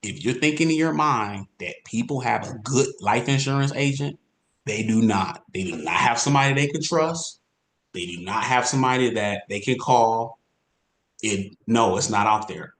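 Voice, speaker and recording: An energetic man gives a sales training talk to insurance agents, coaching them and repeating his points for emphasis. His voice sits in a middle pitch. The recording has a roomy echo. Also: moderate pace.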